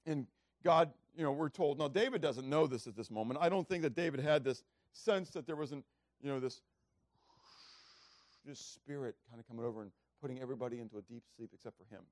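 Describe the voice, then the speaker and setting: Pastor, male, mid-pitched, preaching casually with dramatic shouted bits, dry room. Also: fairly quick, no room sound. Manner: conversational preaching with rhetorical questions; acts out biblical speeches with loud raised voice. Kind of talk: sermon.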